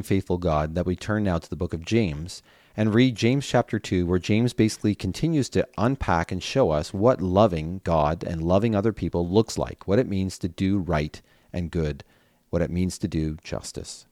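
A man's voice: sits low, moderate pace, a little mellow, no echo, clean studio sound. A man hosting a Bible reading, who reads passages aloud and reflects on them in an earnest way, now and then stumbling and restarting a word.

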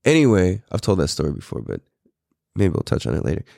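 A man's voice: low voice, huge pitch swings, fast talker, creaky, mellow, no room sound, clean studio sound. A man in his thirties hosting a podcast, telling a story in a rambling, profane way with many fillers. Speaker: podcast host. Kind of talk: casual storytelling.

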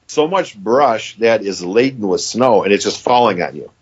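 A man's voice: on the low side, expressive, moderate pace, dull audio, slight background noise. A man in his fifties from Michigan, a podcast guest telling a long story in a rambling, casual way and quoting what others said. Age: 50s. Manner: rambling, quotes others with "he goes".

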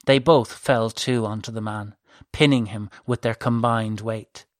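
A man narrating a fantasy story in a measured, even storytelling manner. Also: lowish voice, no echo, studio quality. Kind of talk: audiobook narration.

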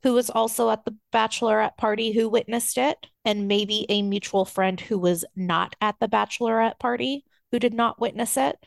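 Gravelly-voiced woman giving gentle earnest advice, dry close sound. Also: fairly high pitch, fairly even intonation, normal speed, few pauses, no room sound. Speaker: podcast co-host. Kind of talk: casual advice chat.

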